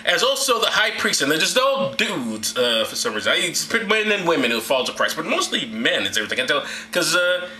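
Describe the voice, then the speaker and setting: A man riffs sarcastically through a scripture reading, swearing freely and darting between funny voices and asides. His voice is bright and sharp, swooping up and down in pitch. The sound carries the echo of a bare room. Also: big pitch swings, a little fast, few pauses. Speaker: comedic host reading scripture. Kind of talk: irreverent comedic reading and commentary.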